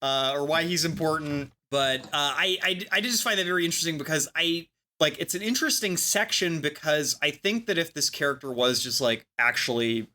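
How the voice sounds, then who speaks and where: Male co-host, bright edgy tone, slightly high, reflective casual talk. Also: fairly quick, few pauses. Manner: thoughtful, hedging with fillers. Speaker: podcast co-host. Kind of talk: casual book discussion.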